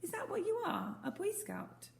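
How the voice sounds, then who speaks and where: A woman's voice: very high voice, wildly swooping pitch, moderate pace, gravelly, voice pushed up, exaggerated voice. A woman voicing a small, eager baby barn owl who talks in an earnest, chirpy way. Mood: curious. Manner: earnest, chirpy, a little indignant. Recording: roomy echo.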